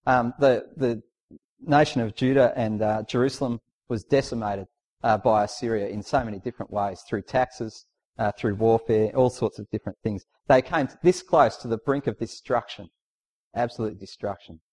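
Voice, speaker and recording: A man's voice: medium pitch, normal speed, a little mellow. A man preaching a sermon in a conversational, emphatic way, posing rhetorical questions and reading out scripture.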